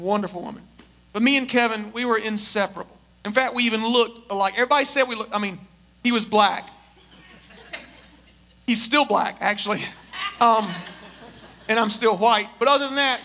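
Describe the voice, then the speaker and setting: A man's voice: sits high, pushed and bright. A middle-aged male pastor preaching a sermon at a church service, emphatic and mixing in humorous storytelling.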